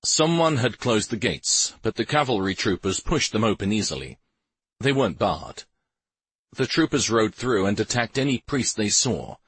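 A man reading a fantasy novel aloud in steady, even scripted narration. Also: on the low side, normal speed, breathy edge, no room sound. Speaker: audiobook narrator.

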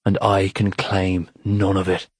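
A man voicing a gruff, brooding male hero in an audiobook, speaking in short clipped lines. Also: low voice, monotone, measured pace, no room sound, clean studio sound. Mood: grim. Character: brooding male shifter, gruff, guilt-ridden.

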